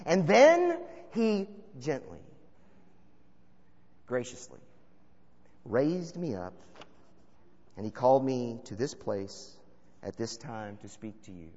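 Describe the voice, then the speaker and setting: A man preaching a sermon, telling stories and swinging between loud calls and hushed asides. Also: medium pitch, sing-song, takes it slowly, long pauses, long reverb tail, muffled recording. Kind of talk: sermon with storytelling.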